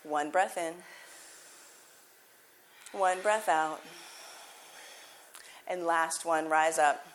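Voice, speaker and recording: A woman yoga teacher giving calm, encouraging cues during a live class in a yoga studio. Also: low-pitched, very slow, slight background noise.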